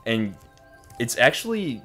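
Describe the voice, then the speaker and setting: A young gaming-channel co-host talks at medium pitch, a little slowly, with a fairly bright tone and big swings in pitch while faint music plays behind. Playing a game with a friend, he keeps up casual let's-play chatter that rambles, stalls, and restarts, packed with fillers.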